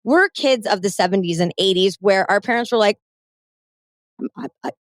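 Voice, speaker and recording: A woman's voice: mid-range voice, fairly quick, dry recording, clean studio sound. A woman hosting a podcast interview, joking and blunt, with casual swearing. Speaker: podcast host.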